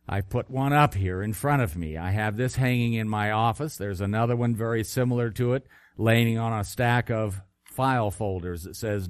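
A man's voice: mid-range voice, clear, resonant tone, dry recording. A man preaching a sermon in a conversational way, with fillers and restarts. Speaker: pastor.

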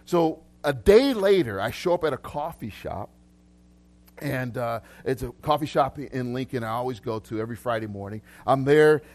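A man preaching to a live congregation in a relaxed, conversational way. He laughs easily and often restarts sentences. His pitch sits in a middle range for a man. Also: normal speed. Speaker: pastor. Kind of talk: casual live sermon with prophetic words. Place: church hall with congregation.

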